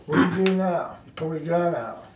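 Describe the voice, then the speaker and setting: A man teaching a firearms class, blunt and forceful, acting out street scenarios for his students. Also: on the high side, fairly quick, a little hiss or hum. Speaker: firearms instructor. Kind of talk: classroom instruction. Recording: echoey room from far off.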